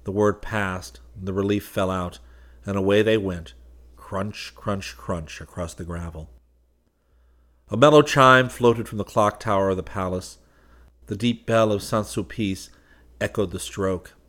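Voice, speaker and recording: A man narrating a classic story as an audiobook, with a measured, expressive reading. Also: lowish voice.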